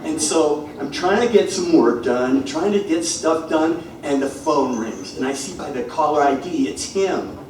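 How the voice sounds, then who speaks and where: A man's voice: fairly high pitch, animated, a little slow, few pauses, darkish tone, slight background noise. A man doing stand-up comedy, telling a story with mock exasperation at bad puns. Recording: very echoey room, mic far away.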